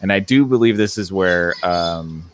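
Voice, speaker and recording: A man hosting a casual movie and TV podcast, talking in a relaxed, rambling way with lots of fillers. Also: low voice, unhurried, slight background noise. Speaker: podcast host.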